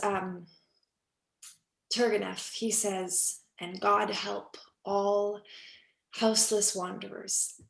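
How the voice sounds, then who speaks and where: A woman reading the part of a weary, heartsick young actress in a cold reading over a video call, wistful and shifting between hushed and urgent. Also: medium pitch, creaky. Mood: dazed. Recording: echoey room on a video call.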